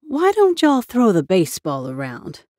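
A woman's voice: medium pitch, wildly swooping pitch, measured pace, dark tone, dry recording, clean studio sound, pitched above the performer's own voice. A woman voicing a genteel, fussy Southern mother who sweetly refuses the children, while reading a story. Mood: gently refusing. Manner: sugary, indulgent but refusing.

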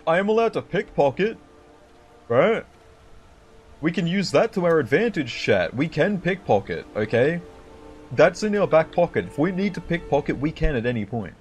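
A young man chatting casually to his viewers while playing a game, rambling and joking and repeating himself. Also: mid-range voice. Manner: rambling, jokey, repeats himself, talks to chat. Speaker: streamer. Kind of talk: casual gameplay commentary.

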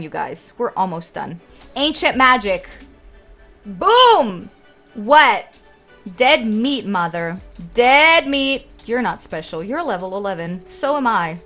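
A woman's voice: lowish voice, brisk, few pauses, faint music behind. A woman in her twenties giving sassy, dramatic, exasperated commentary while playing through a game. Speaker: let's play streamer. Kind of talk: gameplay commentary.

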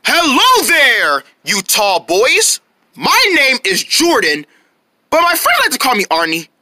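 A stubborn little teenage elephant , voiced by a woman, who repeats himself when no one gets his name. The voice sits high and swings widely in pitch. It is recorded dry and close. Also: huge pitch swings, slow, pushed and bright, dry recording, heavily acted. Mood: insisting. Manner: insistent, repeats himself in exasperation. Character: small teenage male elephant, stubborn and flustered.

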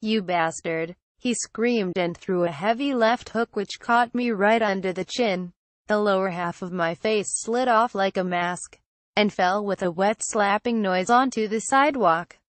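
A woman narrating a first-person horror story in a calm, measured storytelling voice. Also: medium pitch, no room sound.

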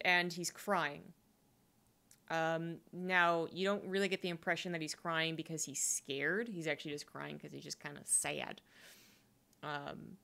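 A woman's voice: sits low, creaky, pushed and bright. A woman running a tabletop game as game master, narrating hesitantly with many fillers.

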